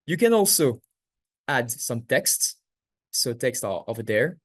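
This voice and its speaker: A man with a French accent teaches an online workshop at a middle pitch. He explains each step, answers questions from the chat, and corrects his own small slips. The recording is dry, with no room sound. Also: very animated, measured pace, dry recording. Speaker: workshop instructor. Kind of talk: live online software tutorial.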